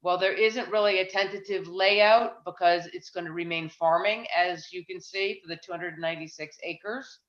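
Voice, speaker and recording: Woman running a town board meeting, talks it through out loud, kinda muffled lo-fi audio. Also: lowish voice, steady tone, moderate pace, few pauses. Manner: chatty, self-deprecating, thinks aloud with restarts. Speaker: planning board chair. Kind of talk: public meeting chairing.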